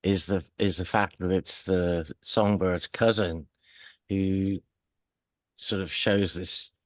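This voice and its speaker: A man with a low voice adds his thoughts to a group discussion, hesitating and repeating words. The recording is dry and close. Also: fairly even intonation, takes it slowly, dry recording. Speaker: group member.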